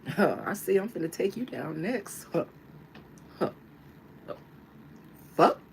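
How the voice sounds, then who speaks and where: A woman's voice: medium pitch, animated, slow, creaky, slight background noise, pitched below the performer's own voice, poor audio. A woman voicing a laid-back man, a rapper who mutters to himself before suddenly exploding. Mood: suspicious. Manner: mumbled asides then a sudden outburst.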